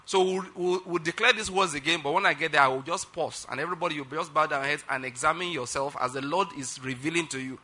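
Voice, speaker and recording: A male pastor preaching a sermon, leading loud declarations for the congregation to repeat and dropping to quiet guidance for prayer. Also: fairly high pitch, fast, hardly any pauses. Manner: drops to soft, quiet guidance during prayer.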